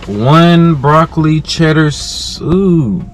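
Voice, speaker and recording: A man's voice: fairly high pitch, extremely slow, a little hiss or hum. A man, chatting and joking with his partner in a car. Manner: joking, animated. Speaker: vlogger. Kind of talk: casual car vlog chat. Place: inside a car.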